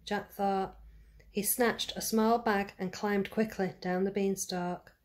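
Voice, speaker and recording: A woman reading a fairy tale aloud to children, gentle and speaking to them directly. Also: medium pitch, steady tone, slow. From United Kingdom. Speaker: storyteller for children. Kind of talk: read-aloud storytelling.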